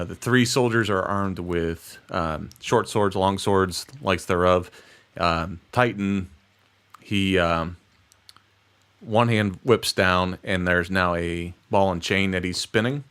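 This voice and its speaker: Deep-voiced man running a tabletop game. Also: fairly even intonation, a bit bright, clear, resonant tone. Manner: halting narration with frequent "uh" and laughs. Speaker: game master.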